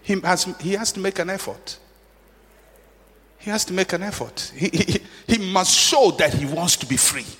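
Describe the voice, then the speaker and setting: A man preaching a sermon dramatically, swinging from soft passages to shouts. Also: sits high, animated, normal speed, slightly rough. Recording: long hall reverb.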